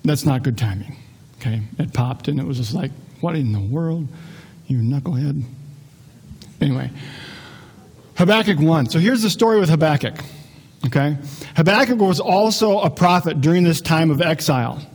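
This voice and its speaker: A man delivers a Bible lesson in a casual, animated teaching style. His voice sits a little high and has a husky edge, and he keeps tossing rhetorical asides to his listeners. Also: a little fast. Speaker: pastor.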